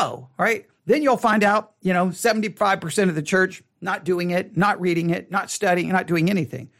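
A man who is a pastor, teaching a Bible study in an animated way, often repeating and restarting his words. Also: normal speed. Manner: animated, acts out quoted people with rising pitch.

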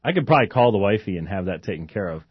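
A man's voice: fairly low pitch, very animated, rapid-fire, husky, no room sound. Rambling man hosting a lo-fi talk show. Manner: chatty, digressive, many fillers and restarts. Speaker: podcast host. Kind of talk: casual rambling commentary.

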